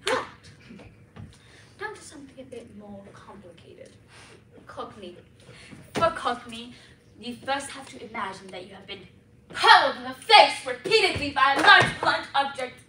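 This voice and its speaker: A young woman on stage doing a bossy, pompous accent teacher with a fake British accent, her voice high and swooping at an unhurried pace. She is heard from a distance in an echoey school hall with steady background noise. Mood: theatrical. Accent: put-on British. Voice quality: theatrical, exaggerated, pompous. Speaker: student competitor performing a comic piece. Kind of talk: humorous stage performance. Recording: echoey hall from far off, noisy.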